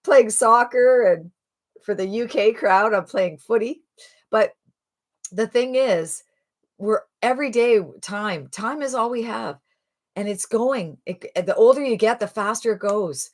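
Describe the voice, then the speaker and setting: A woman's voice: medium pitch, unhurried. Rambling, chatty woman in her sixties. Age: 60s. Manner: rambling and chatty, lots of fillers and restarts. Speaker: online marketing promoter. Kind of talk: casual sales pitch to camera.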